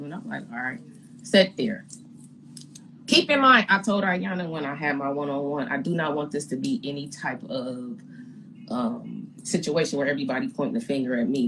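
A young adult woman candidly recounting a conflict in an interview, animated and blunt, acting out what she and others said. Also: sits low, a little hiss or hum, poor audio. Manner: animated, re-enacts her own and others' words, blunt slang. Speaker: reality TV personality giving her side.

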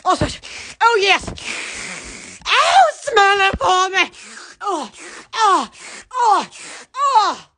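Very high-pitched, exclamatory Southern woman. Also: very animated, extremely slow, long pauses, bright, forceful tone. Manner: exclamatory, giggly, repeats oh yes constantly. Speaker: online shop owner. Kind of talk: live stream product chat. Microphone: phone.

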